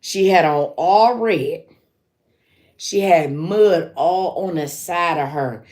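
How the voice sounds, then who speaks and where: A woman hosting a casual livestream, telling a story in a loose, animated way and answering her viewers with endearments like sweetheart and baby. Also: lowish voice. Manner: loose, drawn-out delivery with restarts. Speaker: livestream host.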